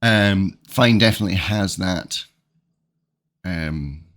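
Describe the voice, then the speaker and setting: Man cohosting a chill podcast, lowish voice, slow and thinking it out. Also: fairly bright tone. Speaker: podcast co-host. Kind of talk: casual conversation.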